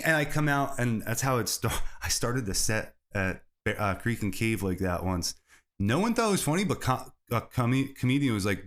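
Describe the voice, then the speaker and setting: A man's voice: mid-range voice, animated, moderate pace. A man hosting a solo comedy podcast, rambling from bit to bit and laughing at his own jokes. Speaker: podcast host.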